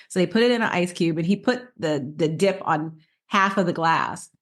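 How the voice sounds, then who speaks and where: A woman's voice: lowish voice, brisk, few pauses, fairly bright tone. A woman co-hosting a casual podcast, telling stories in a chatty way with many restarts and laughs. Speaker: podcast co-host.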